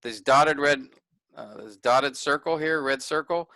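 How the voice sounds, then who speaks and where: A man's voice: medium pitch, unhurried, bright, forceful tone, dry recording. A man teaching a workshop, explaining marks on a shared screen step by step and correcting himself as he goes. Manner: pointing things out step by step, self-correcting.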